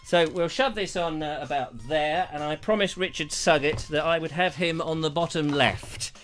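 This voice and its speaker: A man's voice: a little high, normal speed, fairly bright tone, soft background music. A man hosting his live show, talking casually and playfully, rambling from one joke to the next. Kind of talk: casual live-stream chat.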